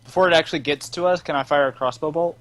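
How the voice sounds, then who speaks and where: Man, tabletop player, casual joking chat, gamer slang, slightly high voice. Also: quick pace, fairly bright tone.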